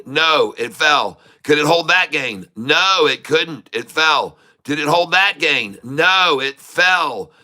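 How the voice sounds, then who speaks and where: Middle-aged guy streaming stock picks, punchy sharp voice, says the same thing over and over to the folks. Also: a little high. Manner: emphatic and repetitive, laughs often, addresses viewers as folks. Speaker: day-trading streamer. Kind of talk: casual livestream stock commentary.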